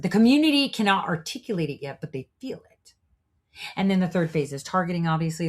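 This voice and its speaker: Low-voiced preachy woman host. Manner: preachy, profane, rhetorical "right?" asides. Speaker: show host. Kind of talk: monologue commentary.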